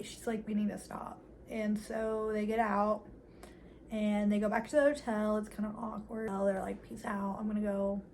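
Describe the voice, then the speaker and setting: A young woman with a slightly high voice recaps a film in a casual, sarcastic way, giggling and mimicking the characters as she goes. A faint hiss of background noise sits under her voice. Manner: sarcastic, giggly, playfully acting out characters' lines. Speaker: movie commentary YouTuber. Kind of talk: casual movie recap commentary.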